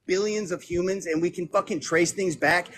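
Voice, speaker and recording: High-voiced man ranting angrily. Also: steady tone, normal speed, a bit bright, husky. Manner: angry, profane, talks over others. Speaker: debate guest. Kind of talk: heated online debate.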